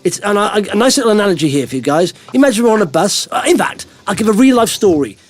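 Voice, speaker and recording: A man's voice: high-pitched, big pitch swings, fast, dry recording. A middle-aged man hosting a podcast, telling rambling anecdotes in casual chat and chuckling often. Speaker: podcast host.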